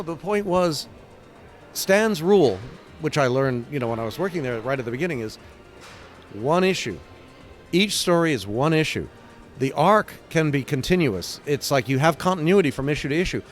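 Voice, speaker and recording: An older man from England, a comic book writer being interviewed, telling stories with lively sound effects and acted-out quotes. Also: on the high side, moderate pace, faint music behind. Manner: animated, acts out scenes with sound effects and quoted voices. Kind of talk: casual interview storytelling.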